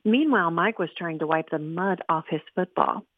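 A woman radio host reading a storybook aloud in a lively, expressive way, over a dry, tinny phone-like sound. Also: on the low side, moderate pace, no echo.

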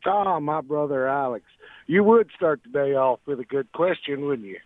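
A man's voice: a little high, moderate pace, dry recording. A man calling in to a radio show, effusive and religious in his greeting. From Texas. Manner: warm-hearted, religious, effusive. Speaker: caller. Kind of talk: call-in radio talk. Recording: dry, tinny phone line.

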